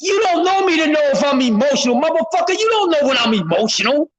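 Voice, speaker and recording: Loud high-voiced man ranting, profane. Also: sing-song, quick pace, a loud crowd, low-quality recording. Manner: loud, profane, repetitive, often shouting; speaks to a chat member by name. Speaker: boxing commentary streamer. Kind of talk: heated live-stream rant.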